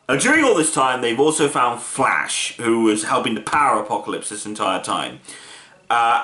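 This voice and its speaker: A man's voice: medium pitch, bright, forceful tone. A man casually reviewing a film, retelling the plot with enthusiastic, rambling energy. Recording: roomy echo.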